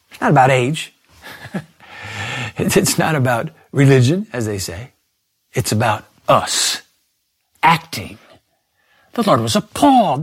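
Man, pastor, sermon, animated delivery, swooping pitch, dry close sound. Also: slow, pauses often, breathy edge, dry recording. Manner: animated preaching, reads quotes aloud.

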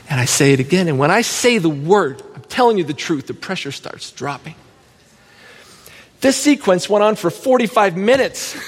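Emotional man testifying in a reverberant church. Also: sits high. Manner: emotional storytelling, laughs often. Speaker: church speaker giving testimony. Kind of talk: testimony sermon. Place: church sanctuary. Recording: long church hall reverb.

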